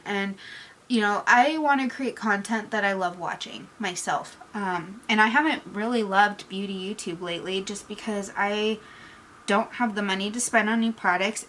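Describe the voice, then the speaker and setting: A woman's voice: medium pitch, fairly bright tone, a little hiss or hum, rough recording. Candid woman in a makeup vlog. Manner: candid, reflective, trailing off into pauses. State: teary-eyed. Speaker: beauty vlogger. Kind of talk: casual get-ready-with-me chat.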